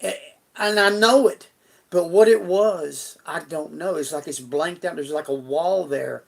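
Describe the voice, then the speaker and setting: A man's voice: a little high, a little slow, creaky. A middle-aged man on a live stream, telling a personal story in a folksy, rambling way with frequent restarts.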